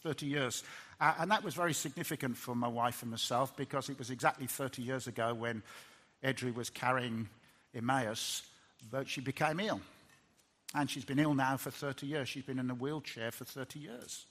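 A middle-aged man preaching a sermon in an earnest way, often restarting words and swinging from loud emphasis to hushed tones. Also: mid-range voice, moderate pace.

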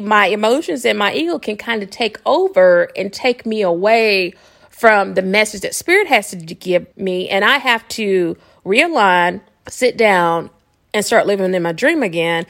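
A woman's voice: medium pitch, normal speed, fairly bright tone. A woman hosting a podcast, talking casually about spiritual self-help in a rambling way, laughing often and checking in with listeners. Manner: chatty, rambling, often asks listeners "okay?". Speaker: podcast host.

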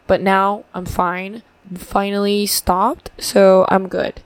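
A woman's voice: mid-range voice, level tone, slow pace, no echo. A young woman from Paraguay talking in a casual video diary, chatty and upbeat, swearing freely. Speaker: vlogger.

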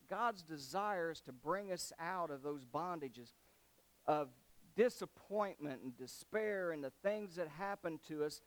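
Folksy preacher man, higher voice. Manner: conversational, folksy, acts out scripture. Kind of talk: sermon.

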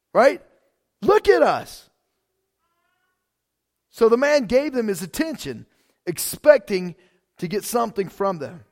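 A man's voice: high voice, darkish tone. A man preaching a sermon as pastor, talking in a loose, conversational way with frequent repeats and fillers like "man" and "like.".

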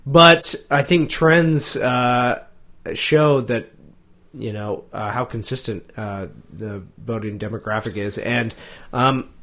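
A young man co-hosting a podcast, talking casually and haltingly, often restarting his thoughts. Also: mid-range voice, fairly bright tone. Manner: hesitant, halting, lots of fillers and restarts. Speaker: podcast co-host. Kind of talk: casual political chat.

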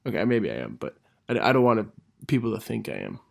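A man's voice: on the low side, gravelly. A young man, a gym teacher, telling funny stories in a casual monologue, laughing through them and correcting himself as he goes. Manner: laughs through his stories, animated, quick self-corrections.

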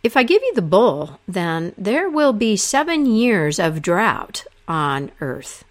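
A woman voicing an old male sky god, a patient father speaking in a measured, weighty way. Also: mid-range voice, big pitch swings.

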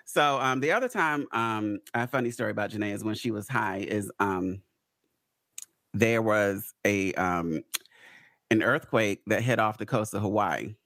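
A man's voice: fairly low pitch, unhurried, dry recording, studio quality. A man hosting a podcast, telling stories in casual chat and acting out other people's voices. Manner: animated storyteller, acts out voices. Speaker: podcast host.

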